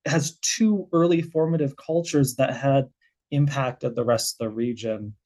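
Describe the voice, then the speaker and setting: A researcher with an American accent talks through their subject on a podcast in a mid-range voice. The delivery is animated and loose, full of restarts and thinking aloud. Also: mid-range voice, measured pace. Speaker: guest researcher. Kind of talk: casual explanatory conversation.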